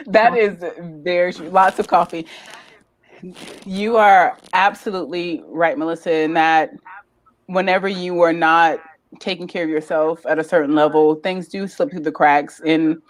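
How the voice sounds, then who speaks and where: A woman guest in a casual interview, chatting in an animated way and laughing often as she tells stories. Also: fairly low pitch, measured pace. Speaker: guest, lifestyle content creator.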